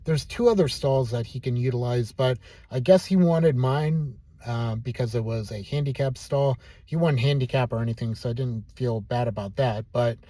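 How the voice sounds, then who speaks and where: Man, vlogger, mellow tone, dry small room, calm measured storytelling. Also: mid-range voice, no echo. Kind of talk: casual personal storytelling to camera.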